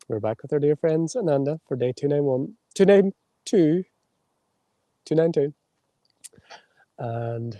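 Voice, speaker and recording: Very dark-voiced man chanting and channeling. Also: mid-range voice, dry recording. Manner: chants flowing invented-sounding syllables, then reads slowly and softly. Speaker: spiritual livestream host. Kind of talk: meditative channeled reading on a livestream. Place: outdoors in a windy spot. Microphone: mic held close to the mouth.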